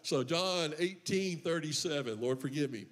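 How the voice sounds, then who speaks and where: A man's voice: on the high side, normal speed. An older man preaching a sermon as pastor, joking and folksy between scripture readings. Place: church.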